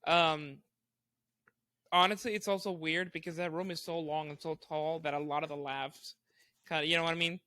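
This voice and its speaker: A young man, a stand-up comedian and podcast co-host, telling animated stories with lots of swearing and acted-out quotes. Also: on the high side, normal speed, clear, resonant tone, no room sound. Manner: animated, acts out quotes, swears often, laughs while telling. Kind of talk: casual storytelling chat.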